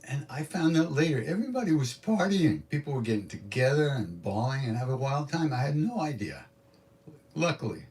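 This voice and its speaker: An older man telling stories at a spiritual gathering, animated and acting out what others said. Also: medium pitch, a little fast, far from the mic. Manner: animated storyteller, acts out quotes. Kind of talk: storytelling satsang talk.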